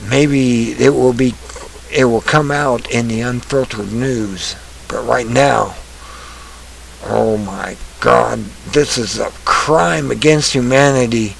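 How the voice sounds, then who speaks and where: A man giving ranting online news commentary. He reads headlines and then rants angrily, swinging from low mutters to shouts. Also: slow, creaky, a little hiss or hum, low-quality recording.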